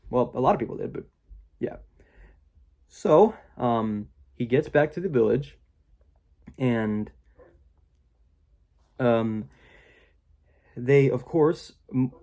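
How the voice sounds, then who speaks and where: A man's voice: medium pitch, takes it slowly, long pauses, mellow. A young man giving a casual spoken movie review, rambling with many fillers and mocking quoted voices.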